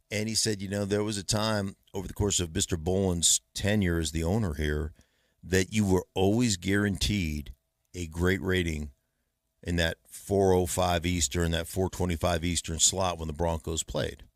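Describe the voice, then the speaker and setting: A man guesting in a radio studio, telling stories in a lively, casual way. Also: low voice, normal speed, dry recording. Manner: storytelling, animated. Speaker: guest, former player and radio host. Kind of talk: casual chat. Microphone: studio mic.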